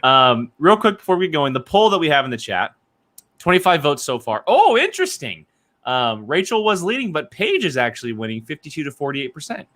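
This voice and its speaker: A young man hosts a live-streamed podcast and chats with his co-hosts. His voice is bright and forceful, and his pitch jumps around as he gets excited. He laughs often and keeps the talk moving. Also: brisk. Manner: animated, laughs often, chatty. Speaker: podcast host. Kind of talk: casual live-stream chat.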